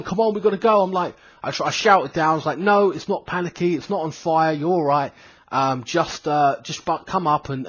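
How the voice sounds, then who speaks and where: A British man of thirty recounts a story in a loose, casual vlog, with a slightly husky voice at a middling pitch. He swears freely and keeps circling back with fillers and restarts. The home recording sounds dull and lo-fi. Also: fairly bright tone. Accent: British English. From Britain. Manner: rambling, swears a lot, many fillers and restarts. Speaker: gaming vlogger.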